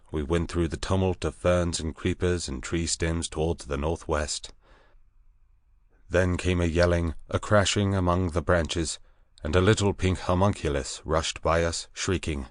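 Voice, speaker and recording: A man narrating an audiobook in a measured, deliberate reading voice on a close mic. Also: sits low, dry recording. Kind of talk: scripted narration.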